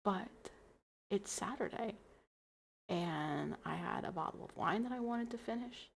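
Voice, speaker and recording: A tipsy young woman hosting a livestream, chatting in a rambling, playful way that trails into soft mumbles. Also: medium pitch, animated, measured pace, gravelly, a little hiss or hum. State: tipsy from wine. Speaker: livestream host. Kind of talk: casual chat to stream viewers.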